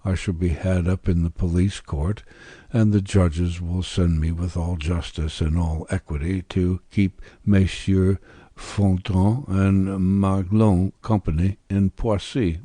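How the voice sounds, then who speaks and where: A man's voice: low-pitched, fairly even intonation, slow pace, mellow, dry recording. A man reading aloud as a young, ambitious, scheming peasant-born man, bitter and intense, with defiant outbursts. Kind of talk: audiobook character reading.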